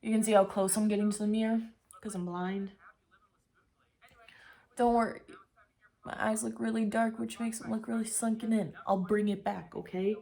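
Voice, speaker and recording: A woman's voice: on the high side, flat delivery, moderate pace, vocal fry, pauses often, warm tone. A woman makeup vlogger chatting casually to herself while she works, rambling and thinking aloud.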